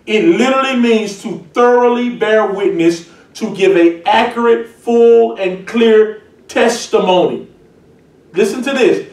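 A man preaching a sermon as a pastor, emphatic and building to shouted points. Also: high voice, measured pace. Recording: echoey church heard from a distance.

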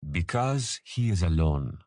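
A man's voice: low voice, sing-song, measured pace, no room sound, clean studio sound, heavily acted. A man voicing a proud, solemn leader. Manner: soft, proud, grave. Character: powerful, caring grown man, proud and solemn.

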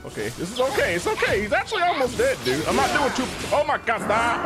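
A man giving excitable, slangy commentary while playing a video game, yelling and calling everyone bro. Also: very high voice, moderate pace, few pauses. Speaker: gaming streamer. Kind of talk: gameplay commentary. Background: game music.

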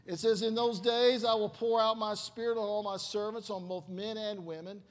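With a notably high-pitched voice, a middle-aged pastor gives a sermon in a loose, conversational style. He tells stories to the congregation with emotional exclamations, keeping a steady tone at a moderate pace.

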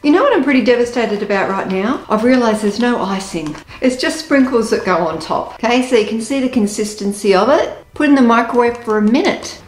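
A young woman with a slightly high voice, chatting through a snack taste test. She is bubbly and gushing, and now and then her voice jumps into excited squeals. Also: a little fast, few pauses. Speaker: food taste-test vlogger. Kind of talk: casual taste-test vlog chat.

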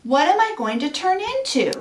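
Eager little boy tadpole, played by a woman reader, bouncy and high, distant in a roomy echo. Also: big pitch swings, moderate pace, a little hiss or hum. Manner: eager, happy, high and wide-eyed. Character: cheerful curious young male tadpole. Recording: echoey room, far from mic.

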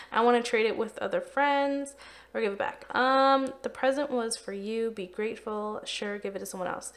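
A young woman giving casual commentary while playing a life-simulation game, chatty and quick to exclaim when things go wrong. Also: medium pitch, a bit bright. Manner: chatty, sympathetic, exclaims often, easily exasperated. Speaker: let's play gamer.

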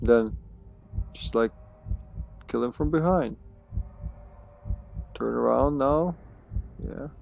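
A man's voice: mid-range voice, takes it slowly, creaky, pauses often, a little mellow, a little hiss or hum. A man streaming a video game live, chatting casually to himself with swearing and chuckles. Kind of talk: live gaming commentary.

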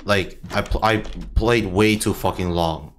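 A man's voice: deep voice, measured pace, slight background noise. A young man giving casual gameplay commentary, frustrated and swearing often. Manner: frustrated, swears a lot, swings into loud outbursts. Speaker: gaming streamer.

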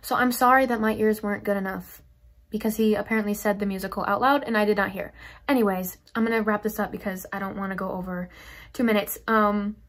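A young woman in her late teens, a graduating theater student, giving a teary, halting farewell vlog message while fighting back tears. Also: mid-range voice, steady tone, fairly bright tone.

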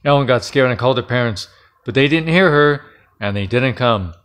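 A storyteller host casually reads a short scary bedtime story at home, playfully joking and laughing often along the way. His medium-pitched voice is expressive, a little fast, slightly bright and clean.

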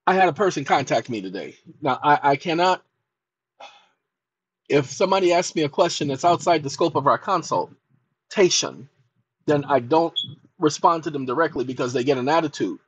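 A man's voice: fairly high pitch, lively intonation, normal speed, pauses often, husky, no room sound. Chatty man hosting a rambling monologue. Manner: chatty, repetitive, addresses viewers directly. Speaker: channel host.

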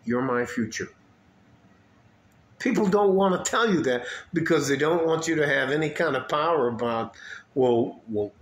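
A man's voice: fairly high pitch, echoey room. A man in his late fifties, ranting bluntly and profanely to his viewers, often breaking off mid-thought. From United States. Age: 50s. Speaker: vlogger. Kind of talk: unscripted rant to camera.

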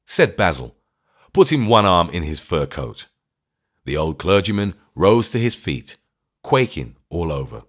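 A man narrating a classic thriller audiobook in a measured storytelling voice. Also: very deep voice, sing-song. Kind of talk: scripted narration.

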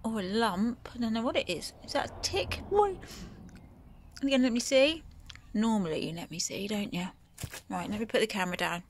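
A woman's voice: medium pitch, expressive, normal speed, slight background noise. A woman filming herself outdoors on a phone, chatting fondly and coaxingly to a cat. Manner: coaxing, fond pet talk. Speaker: vlogger feeding a feral cat. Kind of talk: casual chat to a pet.

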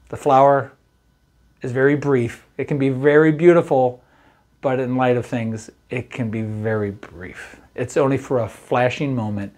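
A middle-aged man, a campus pastor, giving a relaxed daily devotional in a chatty, folksy way, often checking in with the listener. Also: medium pitch. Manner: conversational, folksy, often asks "right?".

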